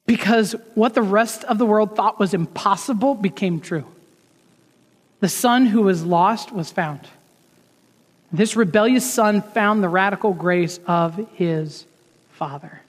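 A man with a notably high voice preaches a sermon, earnest and building to emphatic peaks before easing into quieter asides. The sound carries the long reverb of a large church sanctuary. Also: a little slow. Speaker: pastor.

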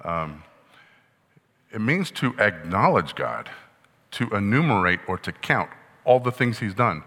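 A man preaches a sermon in a casual, teaching way, his voice bright and a touch low. He keeps putting questions to the congregation as he walks through the text. A long reverb trails behind him in the hall. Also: very animated, unhurried. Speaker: pastor.

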